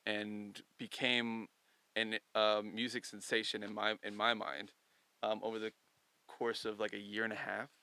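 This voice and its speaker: Bright-voiced young man telling stories. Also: on the low side, measured pace, creaky, clean tone, dry recording, rough recording. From Missouri. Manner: animated storyteller, swears freely. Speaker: podcast guest. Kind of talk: casual chat.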